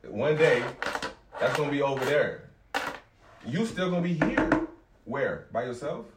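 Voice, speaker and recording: A man's voice: mid-range voice, very animated, measured pace, very noisy. A man in a casual group debate, blunt and insistent, asking the same questions again and again. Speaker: panel member. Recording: roomy echo, mic a bit far.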